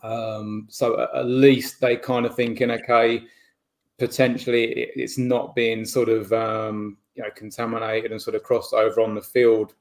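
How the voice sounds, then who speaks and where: A man's voice: medium pitch, little pitch movement, normal speed. An English man hosting a sports podcast, talking casually and hedging with "sort of". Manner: hedging, says "sort of" often. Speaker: podcast host. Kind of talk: casual chat.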